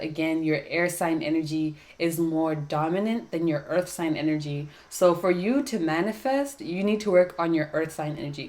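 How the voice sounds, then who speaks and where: A woman giving a casual tarot and astrology reading, chatty and thinking aloud, often checking in with "right?". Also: low-pitched. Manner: lists keyword traits in a slow steady run. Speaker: tarot reader.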